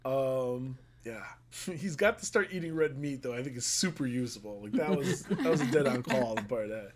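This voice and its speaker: A man hosting a casual podcast discussion, laughing often and getting animated when quoting lines. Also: medium pitch, brisk. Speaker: podcast host. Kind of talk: casual chat.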